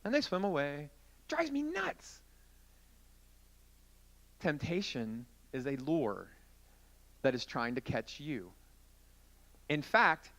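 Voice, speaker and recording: A man's voice: on the high side, fairly bright tone. A man preaching as a youth pastor in an interactive youth group sermon, playful and joking with volunteers.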